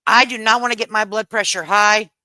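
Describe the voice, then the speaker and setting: A woman's voice: mid-range voice, steady tone, fairly quick, pushed and bright, no room sound, rough recording. A middle-aged woman, chatting casually and laughing on a live stream, speaking into a headset mic at home. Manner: chatty, laughs often, Southern slang. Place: home kitchen. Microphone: headset microphone.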